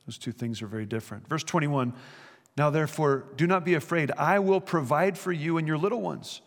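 A man preaching a sermon in an earnest, conversational way, asking his listeners questions as he goes. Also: medium pitch. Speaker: pastor. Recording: long hall reverb.

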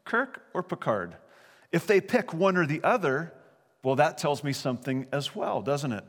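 A man preaching a sermon in an earnest, conversational way, at times laughing lightly and dropping to a soft, low voice. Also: very animated, normal speed. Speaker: pastor. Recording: hall reverb.

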